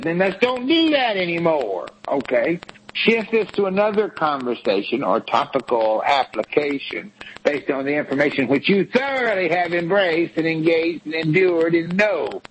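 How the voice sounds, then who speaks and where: A man with a fairly high voice delivers a blunt, profane lecture on a talk show. He scolds and hammers his points home with emphasis. A faint hiss of noise sits under the recording. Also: poor audio. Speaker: co-host. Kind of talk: blunt tough-love talk show rant.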